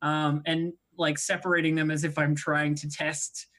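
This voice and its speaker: Bright-voiced joking player. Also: mid-range voice, level tone, moderate pace. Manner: joking, playfully self-mocking. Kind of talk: playing a tabletop game.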